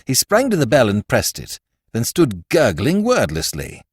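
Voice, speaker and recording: A male audiobook narrator who reads a classic tale with plenty of lively rises and falls in his voice. He sits at a middle pitch, and the recording is dry and close. He does the telling with a storyteller's expressive touch. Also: moderate pace, slightly rough, no room sound. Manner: expressive, varied storytelling delivery.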